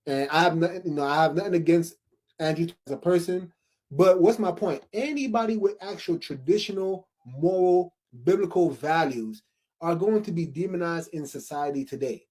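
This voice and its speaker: A man with a husky, slightly raised voice talks over a video clip as its commentator. He builds his case with emphatic rhetorical questions and firm declarations. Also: fairly high pitch, moderate pace, a little mellow.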